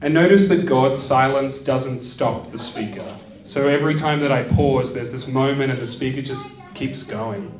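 A man's voice: medium pitch, normal speed, hardly any pauses. A man gives a conversational teaching talk on a psalm, often checking in with his listeners. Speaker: lecturer on the Psalms. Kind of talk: teaching talk with scripture reading. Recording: echoey room, mic at a distance.

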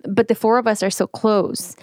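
A middle-aged woman talking in casual chat, animated and rambling, often restarting her sentences. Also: mid-range voice, normal speed, no room sound, studio quality.

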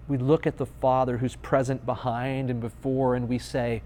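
A man's voice: mid-range voice, flat delivery, normal speed, few pauses, mellow. A man in his thirties, a pastor giving a conversational sermon with playful, dry humor.

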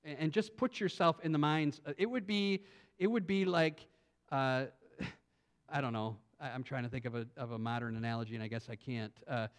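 A male pastor preaching a sermon, animated, swinging from quiet thinking-aloud asides to loud emphatic lines. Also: mid-range voice, normal speed. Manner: repeats words and restarts as he thinks aloud.

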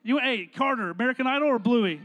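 A young man leads a youth service, his voice unusually high and bright in tone. He stays playful and energetic, bantering with kids between skits. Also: fast. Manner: playful, energetic, talks to crowd. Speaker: youth pastor. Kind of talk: youth sermon with skit.

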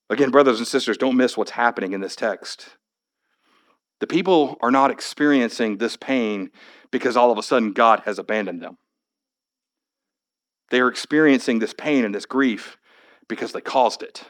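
A man preaching a sermon as pastor, conversational and plain-spoken, building to animated, rising passages. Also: medium pitch, moderate pace, long pauses.

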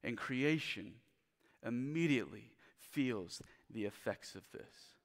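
A male pastor preaching a sermon. He moves from loud, urgent emphasis to quiet, low passages. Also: animated, slow pace, gravelly, long reverb tail.

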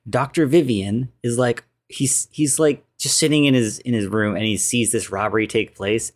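A man casually retelling a film plot, rambling with many restarts and fillers, acting out the characters' lines. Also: fairly low pitch. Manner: rambling, lots of "like" and restarts, acts out quotes.

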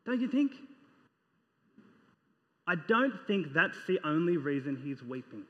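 A man preaches with an earnest, questioning manner. His voice sits fairly high. The sound is dull, and a long reverb trails off each phrase as in a large hall. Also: expressive, slow, long pauses, sharp tone. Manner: earnest, reads scripture aloud and asks the listeners questions. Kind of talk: sermon.

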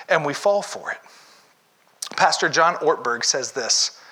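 Bright-voiced male pastor preaching. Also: fairly high pitch, lively intonation, normal speed. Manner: conversational, rhetorical questions, restarts words. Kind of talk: sermon.

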